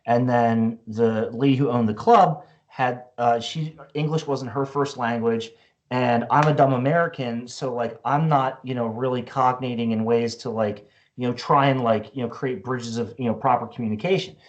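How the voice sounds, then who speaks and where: A man's voice: mid-range voice, fairly even intonation, normal speed, muffled recording. A man in his forties, a guest musician, telling a story in a casual, profane way full of "like" and "you know.".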